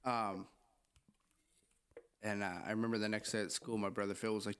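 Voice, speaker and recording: A man's voice: lowish voice, moderate pace, long pauses, smooth. A young man from Southern Maine and band member, joking and laughing as he tells stories in a casual chat. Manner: lively, joking, laughs often.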